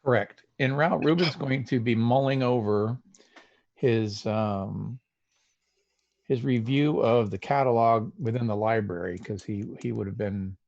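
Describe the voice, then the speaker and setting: A man playing in a tabletop game, calm and measured. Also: fairly low pitch, no room sound, dull audio. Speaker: player.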